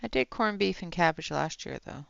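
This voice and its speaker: A woman from British Columbia with a Western Canadian accent, chatting casually as she colours on a livestream and talking softly while she works. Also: fairly low pitch, expressive, normal speed, vocal fry, no room sound, highs cut off.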